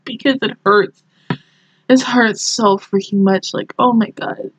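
A woman's voice: a little high, expressive, normal speed, fairly bright tone, slight background noise, low-quality recording. A young woman hosting an anime reaction review, talking casually and emotionally with many fillers.

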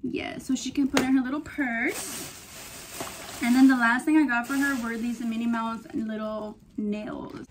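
A woman's voice: on the high side, fairly even intonation, unhurried, noisy background. A young woman in her twenties chatting casually through a haul vlog, gushing and speaking to her viewers directly. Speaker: vlogger.

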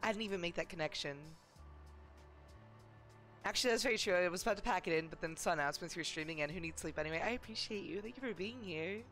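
A woman's voice: on the low side, fast talker, a bit bright, faint music behind. A woman streaming a game for charity, chatting casually in a bubbly way and saying "like" often. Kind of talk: casual live-stream chat over gameplay.

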